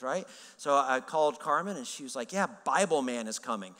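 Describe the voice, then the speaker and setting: A man's voice: medium pitch, lively intonation, a little fast, sharp tone. A male pastor telling a story in a sermon, casual and humorous, acting out the dialogue he quotes. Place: large church hall. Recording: reverberant church hall.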